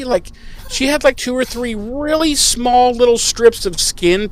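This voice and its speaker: A man co-hosting a podcast, recapping an episode in a profane, sarcastic, animated way. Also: high-pitched, a little slow. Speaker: podcast co-host. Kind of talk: casual recap chat.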